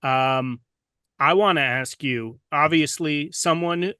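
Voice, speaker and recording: A man's voice: a little high, slow, bright, forceful tone, clear, resonant tone, no room sound, clean studio sound. A man hosting a podcast who praises his guest at length and rambles through his questions with restarts. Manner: admiring, rambling, with many restarts. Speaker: podcast host, program leader. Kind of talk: interview questions.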